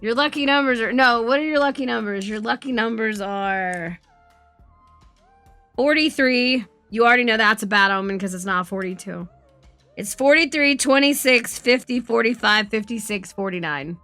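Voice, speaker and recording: A young woman streamer in casual chat, swearing often and rambling through animated stories. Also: a little high, moderate pace, no room sound, soft background music.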